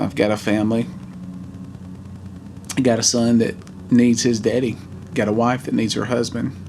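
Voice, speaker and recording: A man in his forties telling a heartfelt personal story in a vlog, earnest and halting. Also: on the low side, gravelly, a little mellow, slight background noise. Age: 40s. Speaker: vlogger.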